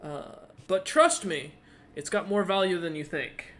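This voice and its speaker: A man voicing a cryptic female seer who gives measured advice. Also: high-pitched, fairly bright tone, voice pushed up. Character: cryptic mystic woman seer.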